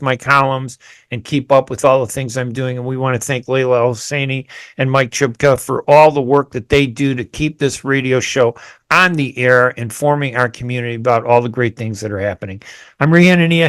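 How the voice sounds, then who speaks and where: A male radio host with a smooth, resonant voice and a dry, close sound. He talks in a chatty, brisk way, interviewing a guest. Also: mid-range voice, a bit bright, dry recording. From United States.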